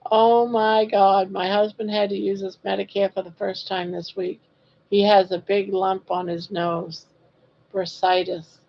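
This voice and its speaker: Woman in her 60s, live-stream host, slow and chatty, teases her viewers, slightly dull lo-fi audio. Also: mid-range voice, little pitch movement, creaky. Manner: chatty, reads viewer comments aloud and teases. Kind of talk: casual live-stream chat.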